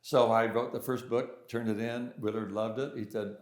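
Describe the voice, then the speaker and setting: A man's voice: medium pitch, steady tone, moderate pace. An older man, a pianist and composer, being interviewed and telling his story in a casual, hesitant way with many restarts and fillers. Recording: roomy echo.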